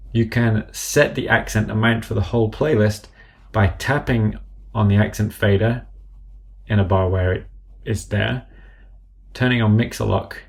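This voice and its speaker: A man with a low, gravelly voice walks through a software tutorial in a methodical way, thinking aloud as he clicks. He drops to a soft murmur when he calls out drum stickings. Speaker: app developer demonstrating software. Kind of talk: screen-recorded software tutorial.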